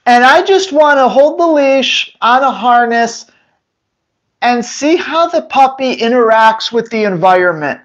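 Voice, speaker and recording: A man's voice: very high voice, expressive, a little slow, fairly bright tone, dull audio. A man hosting a casual live-stream Q&A as a dog trainer, joking and emphatic. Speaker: dog trainer, show host.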